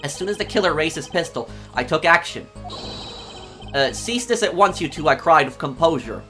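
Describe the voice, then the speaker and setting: A man's voice: fairly high pitch, expressive, moderate pace, bright, forceful tone, soft background music. A man voicing a pompous, long-winded male student witness in a game let's play. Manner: pompous, lecturing.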